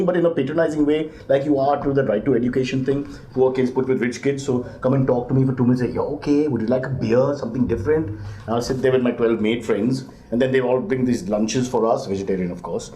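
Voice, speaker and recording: A middle-aged man, a comedian guest answering questions with quick deadpan wisecracks and mock exasperation. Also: medium pitch. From India. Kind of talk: joking live interview banter.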